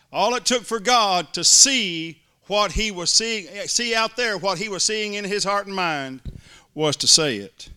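A man's voice: high-pitched, unhurried, pushed and bright, smooth. A male preacher, delivering an emphatic sermon to a congregation and mimicking complainers in little voices. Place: church before a congregation.

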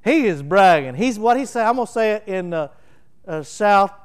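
A middle-aged man with a Southern Oklahoma accent preaching a sermon, telling folksy stories and swelling into loud, emphatic bursts as he explains scripture. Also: high voice, a little fast. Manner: animated, folksy storytelling with laughter and emphatic swells. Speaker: pastor.

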